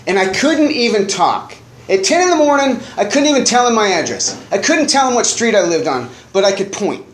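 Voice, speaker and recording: A man's voice: sits high, sing-song, a little fast. A man telling a long personal story in a casual, rambling way, full of fillers and laughs. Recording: roomy echo, faint noise.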